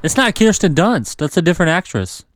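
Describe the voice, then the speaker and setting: A man's voice: on the high side, very animated, brisk. A man co-hosting a casual film-review chat, giving wry, opinionated remarks. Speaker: podcast co-host.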